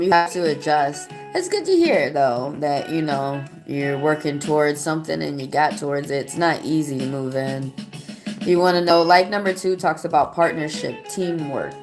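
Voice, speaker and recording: A woman's voice: sits low, fairly even intonation, unhurried. A woman giving a casual live-stream tarot reading, answering viewer comments aloud in a loose, rambling way. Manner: loose and rambling, with fillers and restarts. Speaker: tarot reader. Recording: music playing behind the voice.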